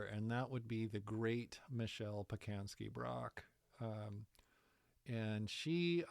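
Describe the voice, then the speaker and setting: A man telling a travel story in a casual interview, animated and laughing often. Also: mid-range voice, no echo, studio quality. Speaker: guest, distance education coordinator.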